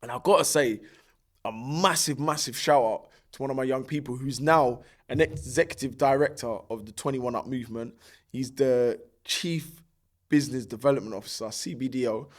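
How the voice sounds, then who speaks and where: A man's voice: medium pitch, moderate pace. A man, a podcast guest telling his story in loose, slangy talk and acting out the dialogue he quotes. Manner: animated, acts out quoted dialogue with a raised voice; loose, filler-heavy street slang.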